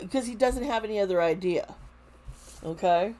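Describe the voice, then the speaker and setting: A woman giving a casual tarot reading to camera, talking slowly, with frequent restarts and fillers. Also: medium pitch, mellow. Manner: slow, halting, with many restarts and fillers. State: close to tears. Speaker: tarot reader.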